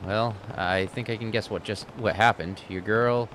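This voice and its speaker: A man voicing a stern, calm man from a video game in curt, dry lines. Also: fairly low pitch, normal speed, slight background noise, natural voice.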